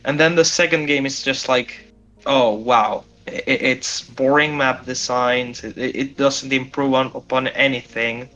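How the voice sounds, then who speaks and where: A man speaking bluntly in a casual gaming chat, swearing freely as he talks. His pitch is average for a man. Faint music runs quietly in the background. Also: level tone, moderate pace, few pauses. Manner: blunt and profane.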